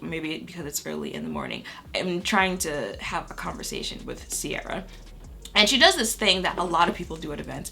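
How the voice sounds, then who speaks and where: A woman's voice: lowish voice, vocal fry, bright, forceful tone. A young woman telling a storytime on her beauty vlog, chatty and full of fillers. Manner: chatty, heavy on fillers like "you know" and "like". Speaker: beauty YouTuber.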